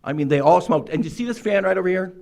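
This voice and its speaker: High-voiced man telling a funny recovery story. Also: expressive, fast talker, vocal fry, darkish tone. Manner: wry storyteller, self-mocking, laughs often. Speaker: recovery meeting speaker. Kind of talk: humorous personal recovery story. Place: meeting room.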